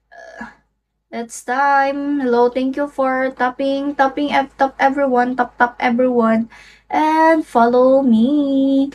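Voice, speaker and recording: High-voiced, unhurried Filipino young woman. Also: steady tone, darkish tone. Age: young adult.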